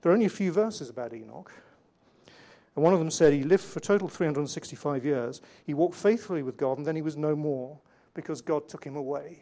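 Earnest male preacher, mellow voice. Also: a little high. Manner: earnest, varies volume for emphasis, slows on key lines. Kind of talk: sermon.

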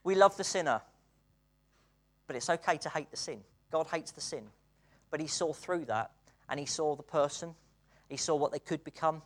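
A British preacher delivering a sermon, earnest, moving between hushed and excited passages and laughing between points. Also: mid-range voice, normal speed, pauses often. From Britain.

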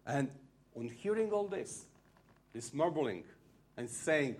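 A man preaching a sermon, retelling a story with lively acted-out crowd voices and slightly phrasing. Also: a little high, slow, long pauses. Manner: animated storytelling, acting out crowd voices, non-native phrasing.

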